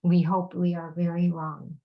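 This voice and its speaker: A woman channeling on a video call, speaking slowly and soothingly as a collective "we", sometimes dropping to a hushed whisper. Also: lowish voice, little pitch movement, phone-quality sound. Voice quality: creaky, husky, drifting into soft whispers. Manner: slow, soothing, speaks as a collective "we", often murmurs "dear one". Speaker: channel giving intuitive readings.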